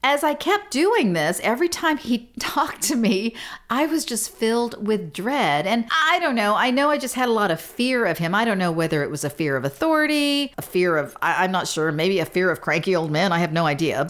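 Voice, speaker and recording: A middle-aged woman hosting a podcast, telling a story in a casual, animated, self-deprecating way with frequent laughs. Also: mid-range voice, moderate pace. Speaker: podcast host.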